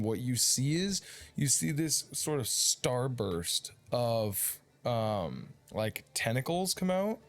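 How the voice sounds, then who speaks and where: A man narrating as dungeon master of a tabletop game, telling the scene casually with quick asides. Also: medium pitch, lively intonation.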